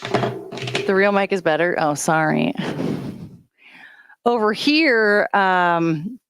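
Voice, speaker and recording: A woman's voice: fairly low pitch, steady tone, slow pace, clean tone. A woman hosting a casual livestream chat, rambling and swearing offhandedly as she talks into a handheld karaoke microphone. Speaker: livestream host.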